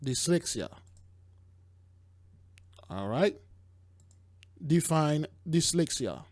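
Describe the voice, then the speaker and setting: A man's voice: a little high, sing-song, extremely slow, darkish tone, dry recording, clean studio sound. A man hosting a casual commentary, rambling, stumbling over words and exclaiming as he reacts to news clips. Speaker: host.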